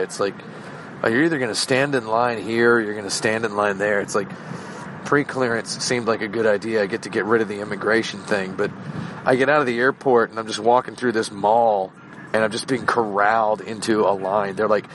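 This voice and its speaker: Man, low voice, rambling casual anecdote, meandering with fillers, faint traffic outdoors. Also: steady tone, normal speed, fairly bright tone. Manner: meandering, lots of fillers and restarts. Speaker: podcast host. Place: outdoors, walking around shops.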